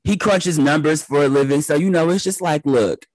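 A young man from the Detroit area chatting as a podcast guest, telling animated stories. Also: a little high, normal speed, no echo, rough recording. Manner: animated storyteller, acts out family voices. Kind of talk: casual chat.

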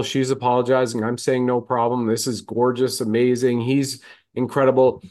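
Man, mid-pitched, earnest, emotional, podcast storytelling. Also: flat delivery, moderate pace, a little mellow. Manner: earnest, emotional, voice catching with tears. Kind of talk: emotional storytelling in casual chat.

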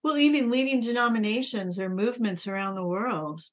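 A woman's voice: a little high, a little fast. Encouraging woman interviewer. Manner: affirming, encouraging. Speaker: interviewer, host. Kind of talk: interview questions.

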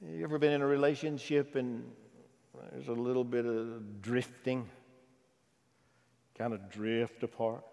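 A man preaching a sermon who swings from loud exhortation to hushed, intimate asides. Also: medium pitch, fairly even intonation, measured pace, creaky, pauses often, big-room sound.

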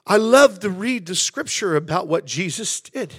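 A man preaching a sermon as pastor, building from quiet reflection to passionate shouting with lots of repetition. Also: high-pitched, animated, normal speed, slightly rough, no echo. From California.

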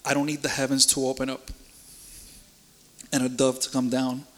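A man's voice: mid-range voice, monotone, moderate pace. A man giving an emotional personal faith testimony in casual, earnest speech, often repeating words. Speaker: church member giving a testimony. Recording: reverberant hall.

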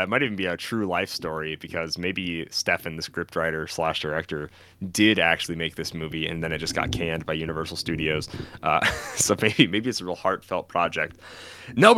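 A man's voice: low voice, brisk, fairly bright tone. A man co-hosting a podcast, chatting casually and telling rambling stories with acted-out quotes. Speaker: podcast co-host. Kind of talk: casual chat.

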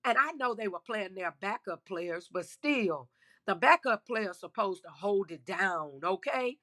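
A woman's voice: mid-range voice, lively intonation, a little slow, sharp tone. A woman hosting a casual football talk show, chatty and emphatic, speaking to her listeners while losing her voice. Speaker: sports podcast host. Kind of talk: casual sports commentary.

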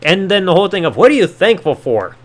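A man talks through a wrestling episode in loose, casual podcast chat. His voice sits a bit high and jumps around a lot in pitch. He throws in sarcastic asides and the odd swear word. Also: very animated, quick pace. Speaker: podcast host.

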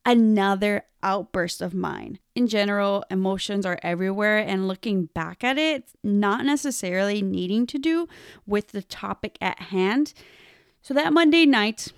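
A young woman tells her own story with candor, often breaking into laughter and acting out her own past words. She speaks at a slow, unhurried pace in a smooth, clear voice. The sound is dry and close. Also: mid-range voice, dry recording. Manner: candid, laughs often, quotes herself. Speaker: speaker telling a personal story. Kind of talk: personal storytelling talk.

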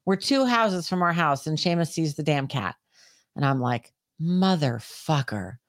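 A woman's voice: deep voice, normal speed, no echo, studio quality. Woman telling a story with heavy swearing. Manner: animated storytelling, heavy swearing, shouts when acting out scenes. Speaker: podcast co-host. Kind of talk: casual chat.

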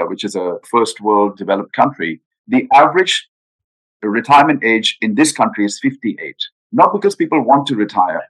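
This rough recording captures a podcast interview with a financial adviser, a guest whose fairly low voice has a fairly bright tone and a breathy edge. On the topic of retirement planning he sounds earnest and emphatic, frequently asking rhetorical questions.

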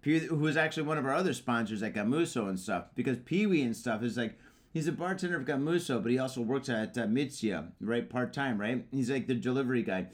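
A man's voice: medium pitch, expressive, quick pace. A man in his thirties co-hosting a podcast, chatting loosely and swearing a lot. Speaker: podcast co-host. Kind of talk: casual chat.

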